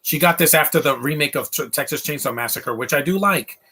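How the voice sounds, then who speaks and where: Rambling opinionated man with a husky tone. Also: a little high, a little fast, bright, forceful tone. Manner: opinionated, rambling, with fillers and asides. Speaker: film commentator. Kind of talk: casual live movie commentary.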